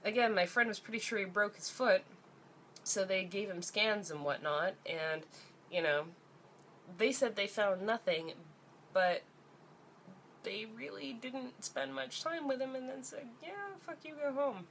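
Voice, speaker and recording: A woman's voice: medium pitch, measured pace, pauses often, a bit bright, a little hiss or hum. A young woman, ranting angrily and sarcastically in a vlog, swearing freely. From Canada. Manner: angry, profane, sarcastic. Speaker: vlogger.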